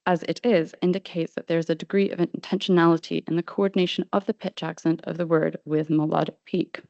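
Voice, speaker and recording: Woman presenting a paper, gravelly voice. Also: on the low side, a little mellow, no echo. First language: not Swedish. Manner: careful, measured reading with frequent ums. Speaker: conference presenter.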